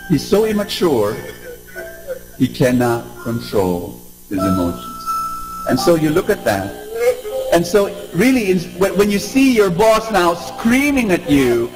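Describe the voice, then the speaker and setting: A man gives an inspirational talk to a live audience in a somewhat high voice. He is animated and keeps drawing the crowd in with questions and call-and-response. Music plays clearly behind him. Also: rough recording. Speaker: motivational speaker.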